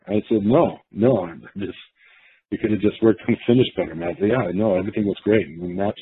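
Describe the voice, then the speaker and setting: A man's voice: fairly low pitch, quick pace, breathy edge, no echo. A man casually telling a long story, acting out the quotes of the people in it, with many restarts. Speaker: guest storyteller. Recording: tinny phone-like line.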